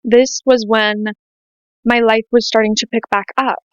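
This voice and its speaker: A teenage American woman talks straight to her camera, rambling and emotional and leaning on "like" again and again. Her voice sits a little high. The recording is dry and a bit dull. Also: level tone, unhurried, smooth, dry recording. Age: late teens. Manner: emotional, rambling, says "like" often. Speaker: podcast host. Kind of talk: casual confessional vlog podcast. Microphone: to camera, self-filmed.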